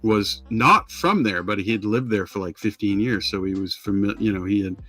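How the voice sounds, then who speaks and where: A man's voice: lowish voice, normal speed, pushed and bright, no room sound, faint music behind. A man co-hosting a podcast in casual chat, rambling with many restarts and fillers. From Maine. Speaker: podcast co-host.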